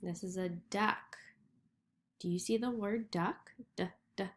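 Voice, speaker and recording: A woman teacher giving a reading lesson to young children, slowly sounding out letters and words. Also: medium pitch. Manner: slow, clearly sounding out letters.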